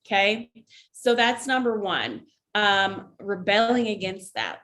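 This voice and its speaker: A woman's voice: mid-range voice, sing-song, takes it slowly, a bit bright. A woman who is an army veteran, talking candidly and conversationally to her viewers in a casual vlog, often breaking off for asides. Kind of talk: casual talk to camera.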